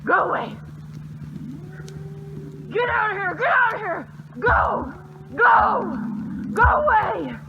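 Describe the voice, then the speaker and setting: A young woman hunter yelling loud, repeated commands outdoors in snowy woods, recorded on the phone she holds. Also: extremely high pitch, expressive, takes it slowly, pauses often, lo-fi sound, background noise. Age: young adult. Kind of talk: yelling to scare off an animal. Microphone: phone held while filming.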